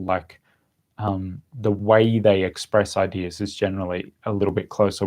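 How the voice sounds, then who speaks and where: Young man, low-ish voice, rambling, casual livestream Q&A. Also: a little mellow. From Australia. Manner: rambling, many fillers and restarts. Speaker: language-learning channel host. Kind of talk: live stream Q&A, casual chat.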